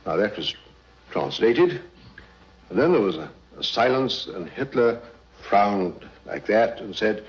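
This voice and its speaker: A man, a diplomat, recounting past events in an interview with a low-key, hesitant way of telling the story. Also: very animated, a little slow. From Britain. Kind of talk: archival interview recollection. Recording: dull lo-fi archival interview.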